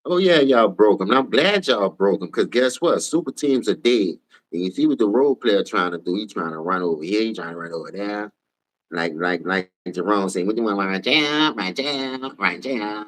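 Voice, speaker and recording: A tired man with a New Orleans accent ranting profanely on a casual sports livestream, switching between low mumbles and loud outbursts. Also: lively intonation, normal speed. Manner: profane, heated, jumps between mumbling and shouting.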